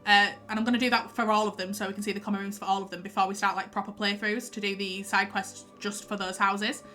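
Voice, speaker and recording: A young woman chatting casually with her stream viewers, rambling and excitable. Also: mid-range voice, fast talker, soft background music. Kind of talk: casual livestream chat.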